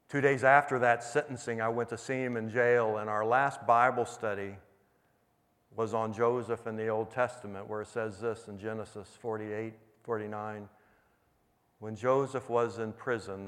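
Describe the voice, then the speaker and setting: A man's voice: on the low side, fairly bright tone. A middle-aged man preaching, earnestly retelling a conversation with a young inmate as a testimony. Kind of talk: sermon storytelling. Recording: long hall reverb.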